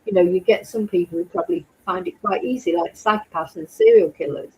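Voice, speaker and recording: A woman's voice: lowish voice, a little fast, warm tone, a little hiss or hum, rough recording. A woman hosting a true crime channel, chatting casually with her viewers. She rambles and keeps asking rhetorical questions. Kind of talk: casual chat with live chat viewers.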